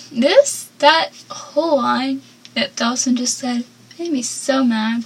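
Chatty, slightly husky woman recapping a show. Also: high voice, slow pace, a bit bright, poor audio. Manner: chatty and enthusiastic, with asides and laughs. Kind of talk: casual show recap, reading out scenes.

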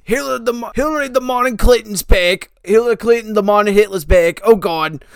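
A fretful old man in a constant panic, played by a young man. He rushes his words, stumbles over them and keeps repeating himself. His delivery sounds frantic. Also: high-pitched, clear, resonant tone, no echo. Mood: panicky.

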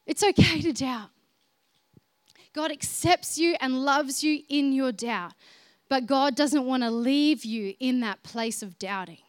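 A woman preaching a sermon in an earnest way, swinging between soft, quiet passages and emphatic ones. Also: sits high, slow, no room sound, studio quality.

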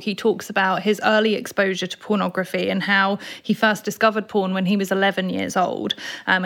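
A woman's voice: medium pitch, fairly bright tone. A woman co-hosting a church podcast, explaining her ideas thoughtfully in casual conversation. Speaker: podcast co-host.

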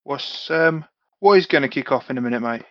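A man's voice: mid-range voice, expressive, fairly quick, dry recording. Hesitant tabletop player, man, muffled dry recording. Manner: hesitant, trailing off. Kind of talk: casual chat during a tabletop game.

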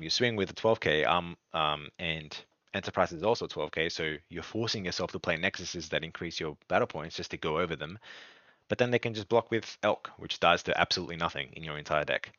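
A man's voice: deep voice, bright, forceful tone, no room sound. A man hosting a podcast, casually talking through game strategy with lots of ums and restarts. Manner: rambling, many ums and restarts. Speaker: podcast host. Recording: dull lo-fi dry sound.

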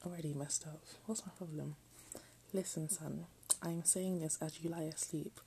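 Low, gravelly-voiced woman reading aloud. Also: mellow, slight background noise, poor audio. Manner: self-mocking. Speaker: reader. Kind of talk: reading a text aloud with joking asides.

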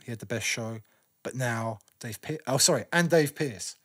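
A man's voice: medium pitch, moderate pace, husky. Laid-back London man telling old stories. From northwest London. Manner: relaxed storytelling with London slang and shout-outs. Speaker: guest DJ and radio presenter. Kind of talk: casual interview chat.

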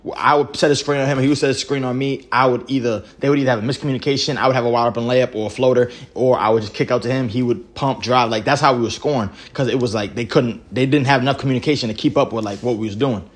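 A man's voice: medium pitch, fast, hardly any pauses. A man co-hosting a podcast, retelling a pickup basketball game in casual, profane slang. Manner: animated storytelling, profane slang. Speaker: podcast co-host. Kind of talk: casual chat.

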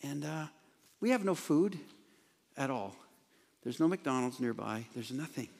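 A man voicing an anxious male disciple in a hurried, hushed whispered role-play, recorded with echo from a large hall. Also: on the high side, expressive, natural voice. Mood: hushed worried.

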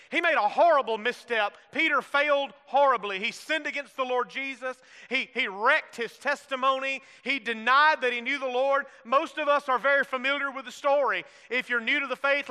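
Male pastor, middle-aged, high bright voice, sermon with congregation asides, long church reverb. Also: clear, resonant tone. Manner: preaching with call-and-response asides to the congregation.

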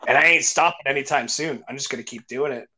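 A man's voice: mid-range voice, fast talker, bright, forceful tone. Chatty male podcast host, full of fillers. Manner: enthusiastic storytelling with many fillers and restarts. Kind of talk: casual chat.

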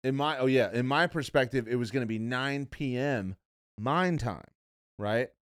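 A man's voice: mid-range voice, normal speed, no room sound, clean studio sound. A young man hosting a podcast in casual chat, rambling and profane, calling people "bro" and "dude.". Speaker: podcast host.

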